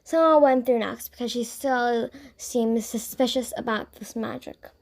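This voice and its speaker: A woman narrating a children's audiobook in an expressive read-aloud manner. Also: fairly high pitch, measured pace, gravelly.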